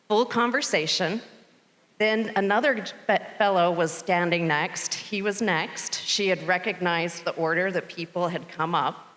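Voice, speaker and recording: A middle-aged woman addresses a conference audience from the stage, recounting an anecdote in a chatty, animated way. Her voice sits a little low for a woman. A long reverb from the big hall trails each phrase. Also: a little slow. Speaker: board chair giving a welcome speech. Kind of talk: conference keynote remarks. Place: large conference venue stage.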